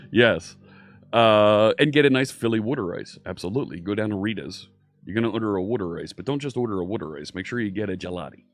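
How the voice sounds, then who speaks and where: A fairly low-pitched man talks briskly, with no echo on the recording. Teaching programming on a casual, cheerful live stream, he greets viewers by name in a light Philadelphia accent; he's from Philadelphia, USA, working out of a home studio with faint synthwave music in the background.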